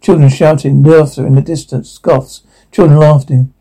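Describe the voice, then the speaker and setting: Male audio describer with a fairly high, husky voice who reads terse sound cues plainly. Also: steady tone, normal speed, warm tone, poor audio. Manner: terse, matter-of-fact reading of sound cues.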